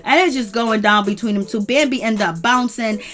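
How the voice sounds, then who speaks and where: A woman's voice: a little high, moderate pace, a bit bright, faint music behind. A woman hosting a reality TV recap in casual gossip style, opinionated and chatty, with lots of "you know" fillers.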